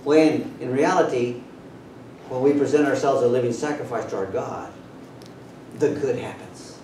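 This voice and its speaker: A man preaching a sermon, taking it slow and stretching out the words he wants to stress. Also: dark tone. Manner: unhurried preaching with drawn-out emphasis. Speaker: pastor. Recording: very echoey room, voice from far off, faint rumble.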